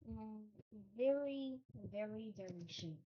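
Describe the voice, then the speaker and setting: A woman's voice: a little high, lively intonation, slow pace, dark tone, dull audio, a little hiss or hum. A woman casually narrating over a map, hesitant, with frequent ums and self-corrections.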